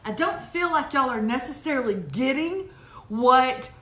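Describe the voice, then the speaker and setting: A middle-aged woman talks through viewer emails in a joking, animated way. Her voice sits a little high. The room has a noticeable echo. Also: measured pace. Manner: animated, joking, laughing, teasing. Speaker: host. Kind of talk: casual live chat reading viewer emails. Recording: echoey room.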